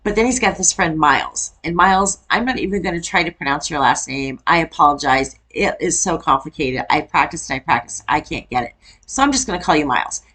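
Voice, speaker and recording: A woman from Wisconsin hosting a casual reaction video, chatty and quick to exclaim. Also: sits low, lively intonation, a bit bright, breathy edge, low-quality recording. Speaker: YouTube reaction host.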